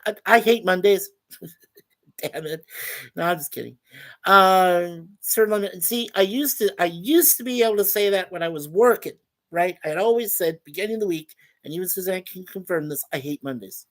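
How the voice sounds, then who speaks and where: A man's voice: high-pitched, a little fast, a bit bright. Chatty older man hosting a livestream. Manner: chatty, reads viewer messages aloud, chuckles often. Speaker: host. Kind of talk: casual livestream chat. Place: at home.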